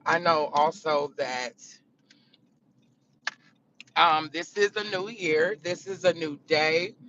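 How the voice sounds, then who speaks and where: A woman's voice: sits low, slow, a bit bright, slight background noise. A woman content creator chatting candidly and profanely in a casual vlog from a car, laughing often. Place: in a car on the way to work. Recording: dull lo-fi sound.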